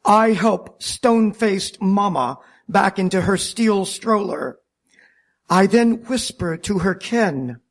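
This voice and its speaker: A man narrating a wry first-person story about driving a taxi, deliberate and self-mocking. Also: sits high, creaky.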